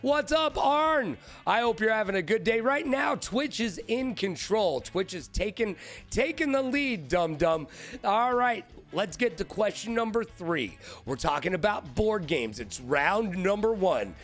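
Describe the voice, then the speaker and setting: A man hosting a live-streamed trivia show, hyped and playful, shouting out viewers by name. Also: high-pitched, very animated, measured pace.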